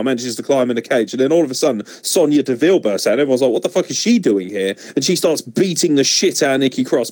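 A man co-hosting a podcast in casual chat, animated and opinionated, with frequent swearing. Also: mid-range voice, dry recording. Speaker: podcast co-host.

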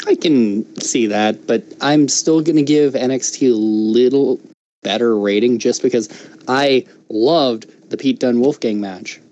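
A man's voice: mid-range voice, unhurried, warm tone. A man co-hosting a podcast in easygoing, casual chat. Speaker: podcast co-host.

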